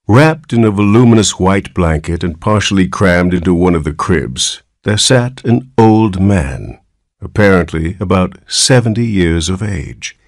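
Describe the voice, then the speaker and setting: A man narrating a story slowly and clearly for English learners. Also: low-pitched, no echo, clean studio sound. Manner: slow, clear, expressive reading.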